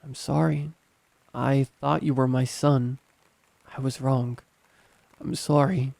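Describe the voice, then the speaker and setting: A man's voice: medium pitch, fairly even intonation, creaky, a little mellow, dry recording. A man voicing a choked-up, grieving old man. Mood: remorseful. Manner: halting, apologetic. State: choked up, crying.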